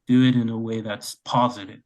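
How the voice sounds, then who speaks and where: A man's voice: on the low side, level tone, a little fast, low-quality recording. A young man in his twenties co-hosting a casual podcast, speaking earnestly with many fillers. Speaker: podcast co-host.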